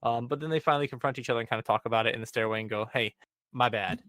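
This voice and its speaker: Young man, podcast co-host, casual recap, animated, plenty of fillers, dry room. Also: mid-range voice, rapid-fire, no echo. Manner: animated storytelling, acting out characters' lines with many "um" and "like". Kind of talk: casual chat.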